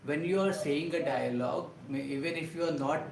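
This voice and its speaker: A man, an actor casually talking a livestream through voice exercises in loose, halting sentences full of restarts. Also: a little high, vocal fry, slight background noise. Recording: roomy echo with faint ambience.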